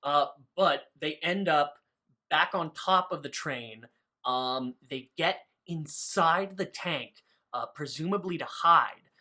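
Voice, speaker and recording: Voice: mid-range voice, slow pace, pushed and bright. A podcast co-host recapping a book in casual chat, loose and profane, full of "like" fillers.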